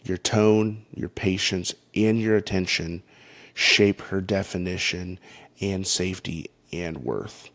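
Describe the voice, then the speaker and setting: A man hosting a faith-based parenting podcast, talking in an earnest, halting way with frequent restarts. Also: sits low, a bit bright. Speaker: podcast host.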